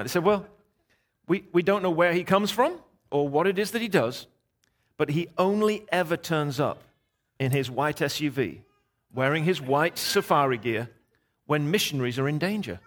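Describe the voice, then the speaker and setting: A middle-aged man preaching as a guest, telling a story in a lively, animated way and voicing the people in it. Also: fairly high pitch, normal speed. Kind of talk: sermon storytelling.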